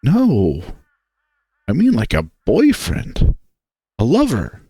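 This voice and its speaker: A man's voice: mid-range voice, huge pitch swings, slow, dark tone, slightly rough, dry recording, studio quality, exaggerated voice. A man voicing a hot-tempered, lovesick young furry man who swears and pushes. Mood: angry. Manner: pushy, swearing, voice breaking.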